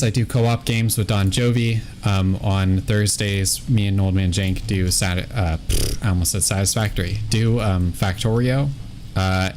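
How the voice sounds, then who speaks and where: A man hosts a relaxed gaming stream, his voice sitting on the lower side. He talks hesitantly, filling pauses with ums and restarting sentences. A faint hiss runs under the recording. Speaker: streamer host. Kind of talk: casual gaming stream chat.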